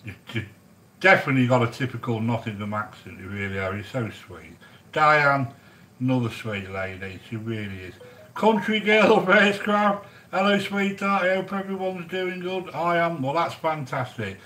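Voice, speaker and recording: A man's voice: mid-range voice, moderate pace, pushed and bright, poor audio. A middle-aged man, chatting casually with viewers while cooking a curry on a livestream. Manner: chatty, matey, calls viewers sweetheart. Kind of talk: casual chat.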